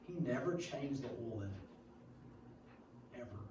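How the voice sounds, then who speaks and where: A man's voice: medium pitch, animated, slow. A man teaching a class in a rambling, folksy way, with corny jokes. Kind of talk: classroom lecture. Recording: echoey room, mic far off, noisy.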